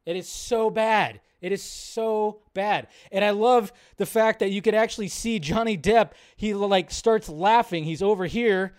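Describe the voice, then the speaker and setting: Man, high-pitched voice, casual live show host, rambling, swearing, animated rants. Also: a little slow, few pauses, smooth.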